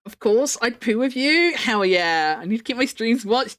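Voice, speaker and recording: A woman's voice: a little high, expressive, moderate pace, few pauses, a bit bright. A young woman chatting casually on her live stream, rambling and laughing often.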